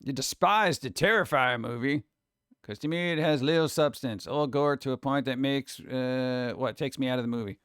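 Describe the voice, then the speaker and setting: A man hosting a live stream and chatting casually with viewers, animated and loose, often slipping into mock voices. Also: medium pitch, moderate pace, smooth, dry recording, clean studio sound. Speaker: streamer host.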